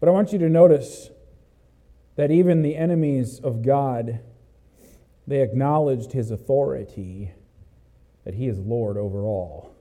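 A male pastor preaching a sermon emphatically, swinging between loud exhortation and hushed asides, and calling out "Amen?" to the congregation. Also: mid-range voice, unhurried, pauses often.

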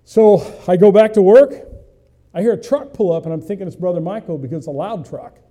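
A man's voice: high-pitched, brisk, mellow. A middle-aged male pastor preaching a conversational sermon, folksy and full of questions to the congregation, with self-mocking humor.

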